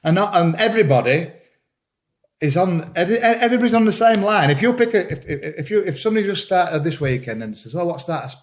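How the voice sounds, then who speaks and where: Halting, enthusiastic man chatting. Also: sits high, animated. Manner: halting, repeats words often when starting a thought; enthusiastic, laughs while talking. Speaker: podcast guest, green woodworker. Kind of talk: casual conversation.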